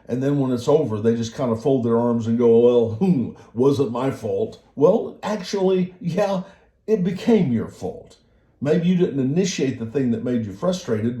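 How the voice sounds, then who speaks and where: A man's voice: mid-range voice, warm tone, reverberant. A man giving a motivational talk in an earnest, repetitive way, often restarting his sentences. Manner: earnest, repeats words and restarts. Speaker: motivational speaker.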